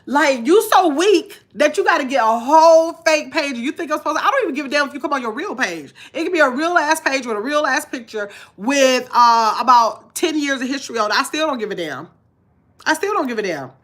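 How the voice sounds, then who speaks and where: A woman's voice: high voice, animated, a little fast, a bit bright. A woman vlogging live to her chat in casual talk, blunt and emphatic, repeating her points.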